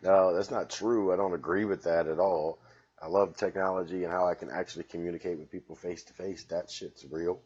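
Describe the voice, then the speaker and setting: A freshly woken man rambles through a solo comedy podcast, sarcastic and full of swearing. His voice is very deep and husky, jumping from loud outbursts to mumbled asides. The recording from his home sounds dull and lo-fi. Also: fairly even intonation, fairly quick. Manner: profane, sarcastic, drifting between loud bursts and mumbling. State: just woke up, yawning.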